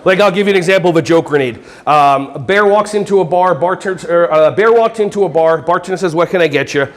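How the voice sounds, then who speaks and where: A man's voice: high voice, fast talker. A man giving a playful workshop talk to a live audience, joking and quizzing the crowd. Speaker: conference presenter.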